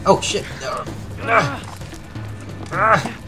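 A man's voice: high-pitched, very slow. A man doing let's play commentary at his computer, swinging between shrieking reactions and muttered asides. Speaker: gaming video host. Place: at a computer, keyboard audible. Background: game music and sounds.

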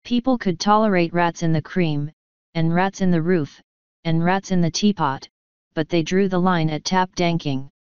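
A woman reads an audiobook aloud in a steady, lightly wry storytelling manner. Her voice is low and very clear. The recording is close and dry, with slightly dull highs. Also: normal speed, no echo. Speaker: audiobook narrator. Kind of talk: audiobook narration.

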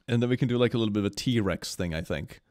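A man commenting casually while playing a game, often laughing and breaking into high-pitched squeals. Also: quick pace, a little mellow, no room sound, clean studio sound. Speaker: gaming streamer. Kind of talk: casual let's-play commentary.

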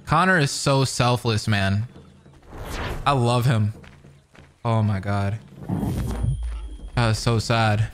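A young man giving casual, excitable let's-play commentary, often laughing and exclaiming. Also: medium pitch. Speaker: gaming commentator.

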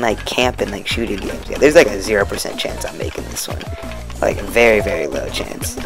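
A young man with a low voice gives casual running commentary on a video game. He is excitable and says the same phrase several times in a row. Game music plays clearly underneath him. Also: moderate pace. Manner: excitable, repeats himself, cheers on wins. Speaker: gaming video creator.

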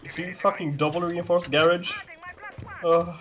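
A man in casual gaming chat, joking wryly and deadpan. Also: high voice, normal speed. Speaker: gaming stream guest.

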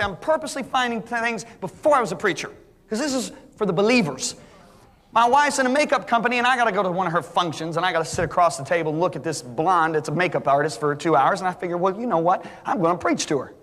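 Male preacher, middle-aged, lively sermon storytelling, higher voice, big reverberant hall. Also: fast. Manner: animated storytelling, voice rising high at punchlines.

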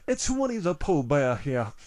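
A man voicing a gentle, slow-witted cartoon bear through an app voice-changing filter, soft and drowsy with slurred consonants. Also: a little high, sing-song, pitched below the performer's own voice. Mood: cozy.

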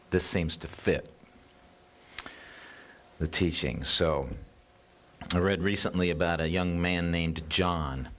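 An American man preaching a sermon as pastor, telling a story in an unhurried, earnest way. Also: sits low, fairly bright tone.

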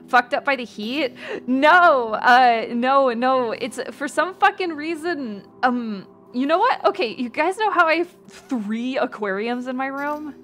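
A woman VTuber chats casually on stream, reading out chat names, thanking viewers, rambling, swearing often and laughing a lot. Her voice sits high and is expressive and fairly bright, with a slow pace.

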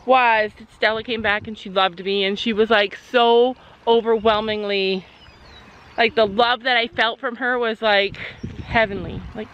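Standing by a horse near a road, this mother in middle age chats in a relaxed vlog and wanders through her tale, filler after filler. She speaks a little high and a little slowly, with fairly even intonation. The recording has its highs cut off and slight background noise.

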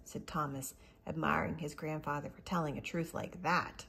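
A woman narrates a storybook with a quiet, even delivery. Her voice is husky and sits low for a woman. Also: moderate pace, hardly any pauses. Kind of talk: storybook reading.

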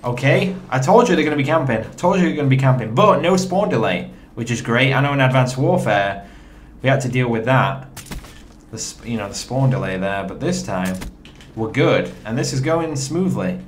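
A man's voice: medium pitch, moderate pace, slight background noise. Chatty young man narrating gameplay. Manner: chatty, excitable, talks to viewers. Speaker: gaming commentator. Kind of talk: gameplay commentary.

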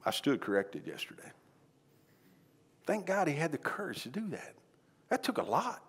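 A middle-aged man, preaching a sermon as pastor in a folksy manner, swinging from quiet pleading to loud exclaiming. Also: a little high, huge pitch swings, moderate pace, slightly rough. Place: church sanctuary.

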